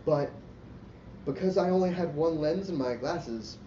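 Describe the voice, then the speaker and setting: Guy rambling thru a crude story, mellow voice, roomy lo-fi sound w faint hiss. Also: on the high side, unhurried. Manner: rambling, profane, self-mocking, lots of "like". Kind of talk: casual storytelling chat.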